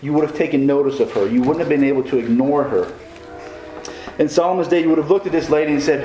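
A man's voice: fairly high pitch, fast talker. Man preaching in an echoey room. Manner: preaching with questions to the congregation. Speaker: pastor. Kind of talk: sermon.

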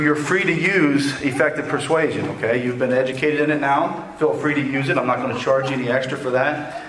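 A man's voice: mid-range voice, background noise. A man in his forties giving a sermon as a guest preacher, telling a personal story in a folksy, joking way and often asking "okay?". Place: church sanctuary. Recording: echoey church room.

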